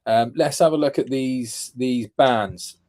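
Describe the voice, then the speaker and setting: A man's voice: mid-range voice, slow, darkish tone. Chatty British man co-hosting a stream. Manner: chatty and joking, with British slang. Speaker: co-host of a trading live stream. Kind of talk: casual live-stream chat.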